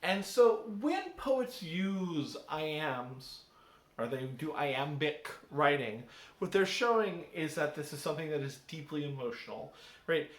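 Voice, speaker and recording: A man's voice: on the high side, animated, measured pace. A male English teacher reading a poem aloud and explaining it to his class in a conversational way, often checking in with "right?". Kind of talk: recorded class lesson on a poem. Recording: roomy echo.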